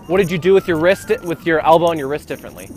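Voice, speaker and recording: A man's voice: fairly high pitch, very fast, a little hiss or hum. Man counting off a band rehearsal. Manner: coaching, counting off beats and singing rhythms. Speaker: band teacher. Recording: music playing in the background.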